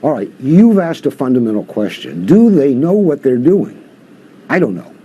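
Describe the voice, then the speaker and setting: A man's voice: mid-range voice, sing-song, moderate pace, dark tone, slightly rough, lo-fi sound. An older man, a professor guest, giving impassioned interview commentary full of rhetorical questions.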